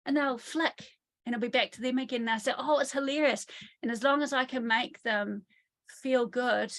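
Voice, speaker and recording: Female trauma therapist, slightly high voice, lively storyteller, video-call interview from home. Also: normal speed. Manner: lively storytelling, often acts out quotes. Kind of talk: online summit interview. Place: home in the countryside.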